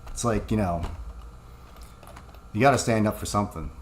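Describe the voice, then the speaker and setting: Low-voiced man ranting on a livestream. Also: moderate pace, slight background noise. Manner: profane, heated, filler-heavy storytelling. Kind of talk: casual rambling rant on a livestream.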